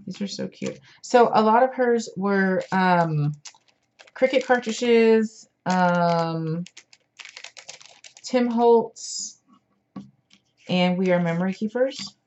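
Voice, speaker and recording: A woman's voice: medium pitch, takes it slowly, pauses often, darkish tone, lo-fi sound, a little hiss or hum. A tired woman showing craft supplies in a casual, chatty vlog, gushing over each item with plenty of fillers. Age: adult parent. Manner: chatty, enthusiastic, many fillers. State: tired, yawning. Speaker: craft vlogger. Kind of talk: casual show-and-tell.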